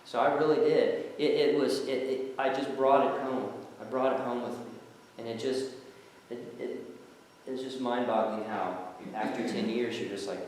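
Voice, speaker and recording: A man, a former jail minister, telling animated stories to an audience and acting out the people he quotes. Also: medium pitch, unhurried, a little hiss or hum. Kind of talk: storytelling talk to an audience. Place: church hall. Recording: echoey hall, from far off.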